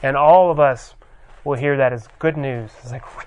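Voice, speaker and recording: A man preaching a conversational sermon, reading scripture aloud and pausing often with fillers. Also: medium pitch, a little hiss or hum.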